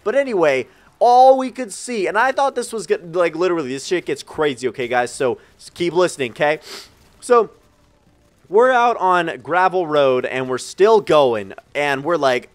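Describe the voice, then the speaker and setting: Animated young man telling a wild story. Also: fairly high pitch, moderate pace. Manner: animated, profane, rambling with asides to viewers. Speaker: gaming channel storyteller. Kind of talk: casual storytime over gameplay.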